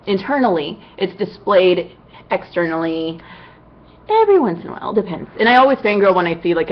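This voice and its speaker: A woman's voice: lowish voice, lo-fi sound. A woman cosplayer answering fan questions in a casual vlog, chatty and upbeat with lots of "you know" asides.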